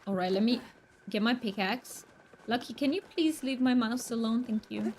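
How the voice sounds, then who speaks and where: A woman's voice: fairly high pitch, moderate pace, darkish tone, a little hiss or hum. A woman streamer chatting casually while she plays, rambling with fillers and restarts. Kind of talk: casual gaming stream chat.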